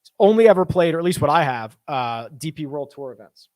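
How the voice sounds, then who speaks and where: A man's voice: fairly high pitch, expressive, fairly quick, a little mellow, no room sound, studio quality. A man hosting a casual live-stream chat, thinking aloud and answering viewer questions. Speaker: host.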